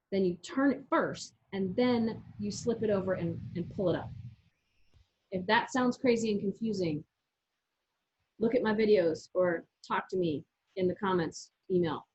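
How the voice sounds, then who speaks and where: A woman who owns a yarn shop co-hosts a casual knitting chat from the store, explaining techniques step by step in a chatty way, sometimes restarting. Her voice is mid-range, darkish and slightly rough, at normal speed, and the audio is muffled and lo-fi.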